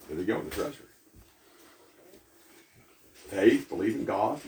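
A man's voice: lowish voice, expressive, normal speed, pauses often, darkish tone. A man preaching a sermon in a church, talking conversationally and putting questions to the congregation. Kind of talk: sermon with a storytelling aside. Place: church hall. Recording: echoey hall, mic at a distance, faint noise.

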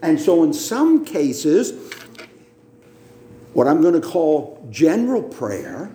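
A male pastor preaching a sermon, emphatic and deliberate, often repeating words as he teaches. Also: on the high side, very animated, warm tone, slight background noise. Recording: roomy echo.

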